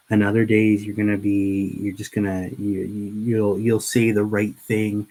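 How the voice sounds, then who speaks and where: A man's voice: lowish voice, flat delivery, unhurried, darkish tone, poor audio. A middle-aged man hosting a casual livestream while painting miniatures, rambling and earnest with frequent restarts.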